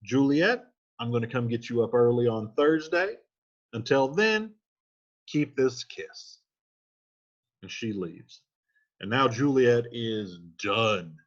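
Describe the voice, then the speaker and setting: A man's voice: medium pitch, lively intonation, slow, pauses often, lo-fi sound. A man reading lines from a play aloud and then restating each one in casual, slangy modern speech as a teacher. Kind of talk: casual line-by-line play explanation.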